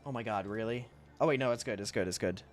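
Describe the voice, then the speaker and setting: A man's voice: fairly low pitch, fast, soft background music. A young man streaming while he draws, rambling casually to chat, reading messages aloud and often laughing.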